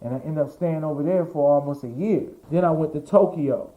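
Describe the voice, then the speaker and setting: Animated storyteller, man from New York. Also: on the high side, brisk. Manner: animated storyteller who swears freely and acts out other people's voices. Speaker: interview guest, fashion designer. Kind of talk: casual storytelling interview. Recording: dull lo-fi audio.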